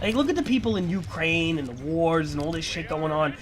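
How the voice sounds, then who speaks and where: A man's voice: on the high side, animated, a little fast, crowd noise. A man streaming, ranting in a lecturing, repetitive and profane way. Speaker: livestreamer. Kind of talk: casual stream rant.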